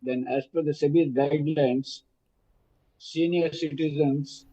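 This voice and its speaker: Indian shareholder, man, very dark tone, measured and formal, muffled call audio. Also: a little high, fairly even intonation, breathy edge. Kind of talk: video-call shareholder remarks. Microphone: video call.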